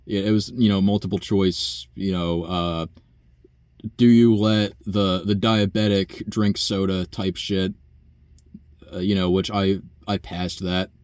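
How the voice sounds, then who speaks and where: A man's voice: low voice, little pitch movement, a little slow, a little mellow, smooth, no echo. A young man, a nursing home worker, telling a long profane story in a rambling, sighing way. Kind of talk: casual rant monologue.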